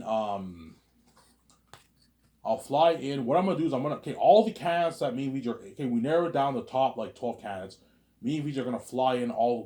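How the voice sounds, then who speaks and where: A vlogger rambles casually in a monologue, repeating words and starting sentences over. He swings from loud, excited bursts down to low mutters.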